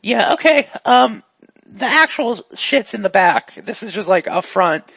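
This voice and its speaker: A woman voicing a brusque, casually menacing tattoo artist in a tabletop game, with a gravelly voice. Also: medium pitch, big pitch swings, unhurried, fairly bright tone, dry recording, full character voice. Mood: businesslike. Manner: gruff, blunt, casually menacing. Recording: dull, lo-fi dry mic.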